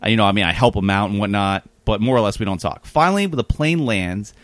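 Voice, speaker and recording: A man's voice: lowish voice, quick pace, no room sound. Man spinning a rambling anecdote, lots of "uh" and "whatnot", dry mic. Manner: rambling, animated, many fillers. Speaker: guest telling a story. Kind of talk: casual storytelling.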